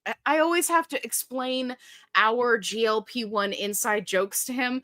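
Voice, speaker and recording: Upbeat woman livestream host, bright tone, dry close sound, chatty pace. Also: fairly high pitch, lively intonation, normal speed, no echo. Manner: chatty, upbeat, reads viewer comments aloud. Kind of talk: casual live Q&A chat.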